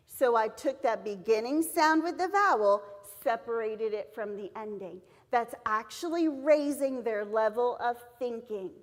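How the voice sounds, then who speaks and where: A woman presenting a teacher-training seminar, acting out letter sounds and classroom scenes as she explains. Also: on the high side. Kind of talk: lively teacher-training talk. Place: church hall. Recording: echoey hall reverb.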